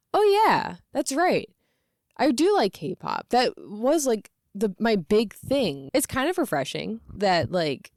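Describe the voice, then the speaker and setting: A woman's voice: medium pitch, dry recording. Giggly woman in her thirties, dry close sound. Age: 30s. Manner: rambling, laughing often, with many fillers. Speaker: YouTuber. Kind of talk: casual confessional vlog.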